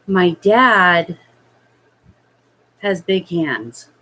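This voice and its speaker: A woman telling a personal childhood story in a hesitant, halting way, full of fillers. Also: fairly low pitch, lively intonation, pushed and bright, poor audio. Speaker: vlogger.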